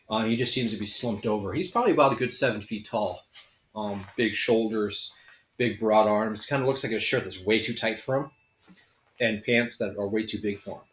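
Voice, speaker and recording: A man's voice: fairly low pitch, roomy sound. A man running a tabletop game as game master, describing scenes in a loose, rambling way full of fillers.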